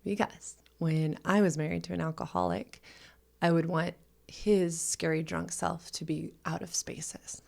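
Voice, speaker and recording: Female podcast host and sex educator, low creaky voice, raw confessional delivery with hushed asides. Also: fairly even intonation, unhurried. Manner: emotional, often drops to a whisper. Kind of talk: personal storytelling.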